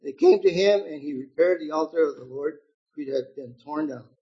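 Older male preacher in his 70s, husky and unhurried, slightly high voice, muffled lo-fi recording; shifts from loud scripture reading to hushed asides. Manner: swings between loud emphatic reading and quiet asides. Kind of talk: sermon reading and explaining scripture.

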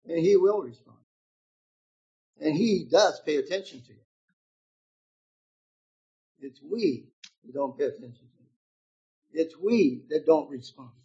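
Older male preacher in his 70s, husky and unhurried, slightly high voice, muffled lo-fi recording; shifts from loud scripture reading to hushed asides. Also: animated. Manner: swings between loud emphatic reading and quiet asides. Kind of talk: sermon reading and explaining scripture.

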